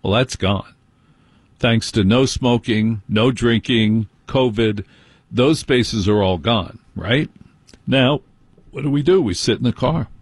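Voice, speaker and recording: A man's voice: medium pitch, slow, breathy edge. A man hosting a late-night radio talk show, telling wry, grumbling stories with mock indignation. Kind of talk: casual comedic monologue.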